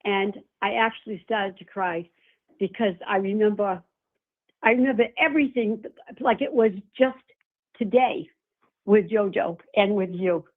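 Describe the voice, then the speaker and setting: A woman's voice: mid-range voice, measured pace. An older woman who runs an animal rescue, chatting affectionately on a phone call and calling people honey and darling. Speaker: animal rescue nonprofit founder. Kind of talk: casual phone chat. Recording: tinny phone line.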